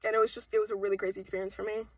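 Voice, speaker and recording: A woman's voice: mid-range voice, rapid-fire, no room sound. A young woman telling workplace stories in casual chat, swearing often and acting out the people she quotes. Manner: animated, swears a lot, acts out quoted people. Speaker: co-host telling work stories.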